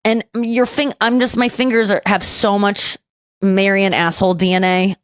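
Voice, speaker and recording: Young woman podcast host, rambling emotional storyteller, mid pitch, dry close studio mic. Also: steady tone, normal speed, clear, resonant tone, no room sound. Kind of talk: casual chat.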